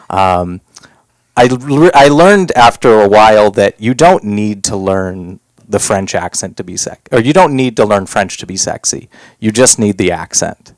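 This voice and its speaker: A young man performing a stand-up comedy set on a club stage, rambling with fillers and jumping into loud, high bits. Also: animated, moderate pace, dry recording.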